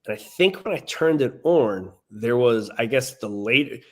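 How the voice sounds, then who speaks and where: A man's voice: medium pitch, lively intonation, measured pace. A man co-hosting a wrestling podcast, telling stories in a rambling, casual way with lots of fillers. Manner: rambling, filler-heavy storytelling. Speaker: podcast co-host.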